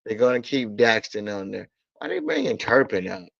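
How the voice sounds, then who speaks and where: A man's voice: on the low side, wildly swooping pitch, normal speed, gravelly, fairly bright tone, no echo. A man ranting about football in a casual stream, blunt and profane, repeating himself in exasperation. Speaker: sports talk streamer. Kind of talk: casual sports rant. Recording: dull lo-fi audio.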